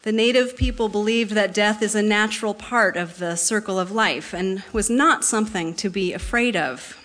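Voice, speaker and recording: A woman giving scripted informational narration in an even, explanatory manner. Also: medium pitch, moderate pace.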